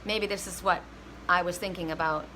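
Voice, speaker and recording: A woman's voice: lowish voice, fairly even intonation, normal speed, bright, forceful tone, slight background noise, rough recording. A woman giving a live oracle card reading, chatty and emotional, breaking into bits of songs.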